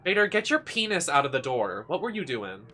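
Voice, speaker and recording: A game streamer giving campy, sassy, playful live commentary with loud gasps and squeals. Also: medium pitch, big pitch swings, fairly quick, a little hiss or hum. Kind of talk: live let's-play commentary.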